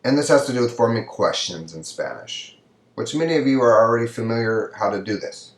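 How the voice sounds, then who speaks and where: In a recorded video lecture, a man teaches Spanish grammar, speaking slowly and with care. He draws out example sentences to demonstrate rising pitch, and the room sounds echoey.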